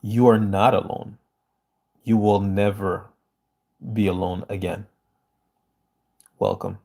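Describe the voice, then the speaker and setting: A man's voice: fairly low pitch, little pitch movement, slow pace, creaky, darkish tone. A man hosting a casual livestream, reading viewer comments aloud and answering them in an earnest, emphatic way.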